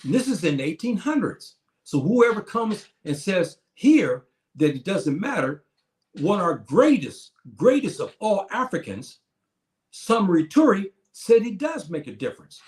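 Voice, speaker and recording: An older man in his seventies lectures with emphasis, circling back to his points and calling out to his listeners directly. His voice sits somewhat high for a man. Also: very animated, measured pace, a little mellow. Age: 70s. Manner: emphatic, repetitive, addresses listeners as brothers and sisters. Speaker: teacher of a class. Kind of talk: lecture to a community. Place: Morocco.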